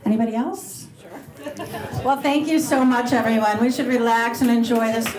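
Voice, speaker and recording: A bubbly, laughing middle-aged woman who hosts radio holds a casual talk and Q&A at a restaurant luncheon. Recorded live in the roomy dining room amid crowd noise, her voice is fairly high, with fairly even intonation and normal speed.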